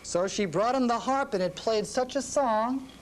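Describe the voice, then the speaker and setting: A man's voice: very high-pitched, normal speed, low-quality recording. A man, a music teacher, reading a rhyming children's story in a sing-song way. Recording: reading with instruments playing.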